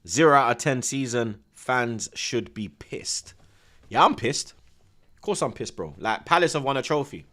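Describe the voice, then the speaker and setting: A man, hosting a live football watchalong, chatting in heavy street slang with the viewers and shouting at big chances. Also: mid-range voice, expressive, normal speed.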